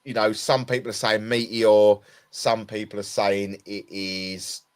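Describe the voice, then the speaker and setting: The podcast co-host, tired and Essex-accented, speaks fairly low, flat and a little slow, his tone clear and resonant. The conversation is casual, and he rambles with many false starts.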